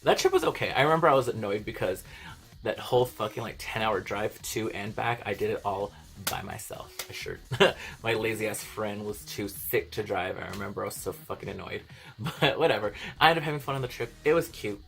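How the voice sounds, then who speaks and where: A man's voice: lowish voice, a little fast, creaky, a bit bright, soft background music. A young man vlogging, telling a rambling story in a casual, profane way and often laughing. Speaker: beauty vlogger.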